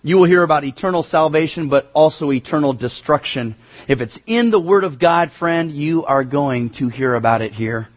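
A man preaching a sermon as pastor, earnest, swinging between emphatic rises and low quiet drops. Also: normal speed, muffled recording.

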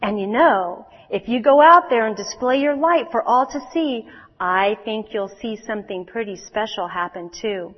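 A woman voicing a kind, wise female cat in a storybook read-aloud, speaking gently and reassuringly. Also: a little high, lively intonation, moderate pace, long reverb tail, lo-fi sound. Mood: gentle.

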